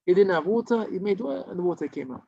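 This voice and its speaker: A man's voice: high-pitched, expressive, quick pace, gravelly, darkish tone, a little hiss or hum. A man, a rabbi, telling a story in an informal Torah class, with many restarts and Hebrew terms. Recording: dull lo-fi recording.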